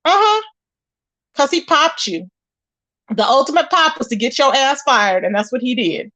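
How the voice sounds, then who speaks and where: Sassy high-voiced woman spilling gossip. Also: lively intonation, brisk, fairly bright tone. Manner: sassy, emphatic, rhetorical questions to viewers. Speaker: commentary channel host. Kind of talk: casual gossip commentary.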